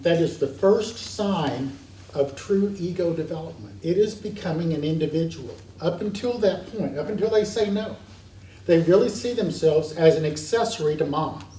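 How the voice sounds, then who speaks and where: Speaking at a normal speed in a slightly high, mellow voice, a man gives a lecture-style parenting class in a church meeting room. His delivery is earnest and story-driven, with emphatic stresses. The sound is distant and echoey, with a faint hiss.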